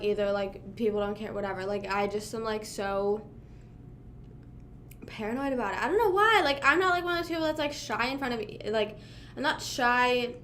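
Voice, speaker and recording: Rambling young woman streamer, slightly high voice. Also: slight background noise. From Pennsylvania. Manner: rambling, heavy use of "like" and "you know what I mean"; talking while chewing food. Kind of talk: casual livestream chat.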